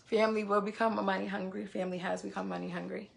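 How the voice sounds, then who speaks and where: A woman's voice: medium pitch, little pitch movement, quick pace, vocal fry. A woman vlogger venting to her viewers in heated casual talk, cursing freely and repeating phrases for emphasis.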